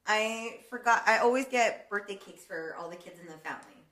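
Woman co-host, animated and profane, recorded in a roomy space. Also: medium pitch, a little fast. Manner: animated, swears freely, laughs often. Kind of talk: casual chat.

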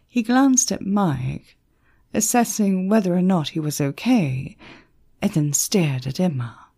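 Narrating an audiobook slowly, a woman uses a low, breathy, husky voice. Her pitch shifts widely as she tells the scene, giving it a lively, expressive storytelling feel.

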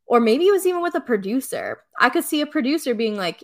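Chatty, animated woman co-host. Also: high voice, quick pace. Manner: chatty, animated, laughs often, acts out quotes. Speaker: podcast co-host. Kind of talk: casual chat recapping reality TV.

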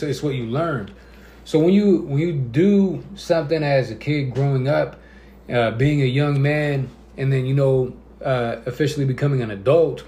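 Animated man telling stories in an echoey room. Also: medium pitch. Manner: animated storyteller, acts out quotes. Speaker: podcast host. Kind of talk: casual chat.

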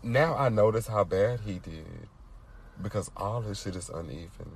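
Gravelly low-voiced man, dramatic. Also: a little mellow, a little hiss or hum. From Tennessee. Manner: dramatic, cursing, quick to laugh. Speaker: podcast co-host. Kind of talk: casual podcast banter.

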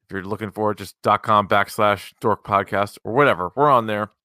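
A man hosting a podcast, chatting casually in an upbeat way with quick asides. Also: fairly low pitch, bright, forceful tone, no echo, clean studio sound. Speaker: podcast host.

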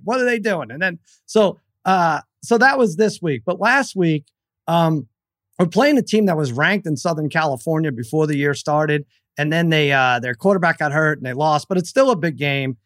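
A middle-aged man co-hosting a casual podcast chat, telling stories with animated energy. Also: a little high, no echo, studio quality. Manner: animated storyteller who acts out his own yelling. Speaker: co-host.

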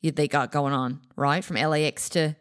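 A woman with an Australian accent, speaking in a lowish voice as a guest on a comedy podcast. She talks bluntly and teases her hosts, her delivery playful and matter-of-fact. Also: steady tone, normal speed, clean tone. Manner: blunt, teasing. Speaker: guest playing an actress character. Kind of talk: improvised comedy interview.

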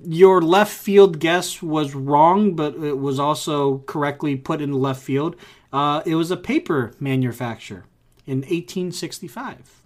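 Chatty higher-voiced man, tech chat. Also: a little slow. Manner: rambling, many restarts, acts out reactions. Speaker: podcast co-host.

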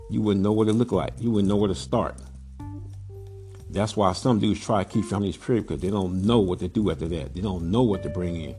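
A low-voiced man from Southern California talks straight at his listeners in a blunt, preachy monologue. He fires off question after question. Faint music plays under him. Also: warm tone. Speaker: podcast host, pigeon breeder. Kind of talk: casual monologue.

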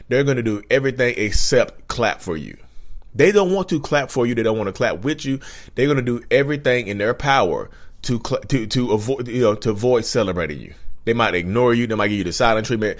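A man in his thirties hosting a casual vlog, talking animatedly and repeating himself while speaking straight to his viewers. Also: medium pitch. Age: 30s. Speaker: YouTube host.

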